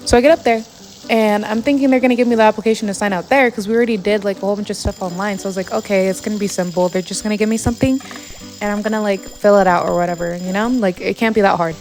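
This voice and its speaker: A young woman vlogger speaks very fast in a mid-range, darkish voice with fairly even intonation, faint music behind her. Gaming at home late at night, she tells a story in a long, exasperated, rambling rant full of fillers.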